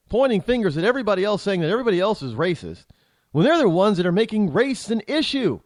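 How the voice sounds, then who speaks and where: A man's voice: high voice, dry recording. A man hosting a talk show, delivering a rambling, indignant political commentary monologue full of restarts and repeated words.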